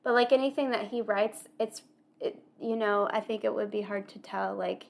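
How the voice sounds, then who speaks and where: A woman co-hosting a book podcast in a casual chat, eager and chatty, often cutting in with quick agreement. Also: medium pitch, steady tone, gravelly. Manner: enthusiastic, chimes in with short backchannels. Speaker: podcast co-host.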